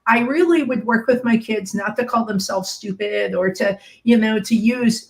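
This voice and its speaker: A woman's voice: on the high side, normal speed, creaky, hardly any pauses. A woman who once taught special education, reflecting with personal anecdotes in a podcast panel conversation. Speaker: spiritual medium, former special ed teacher.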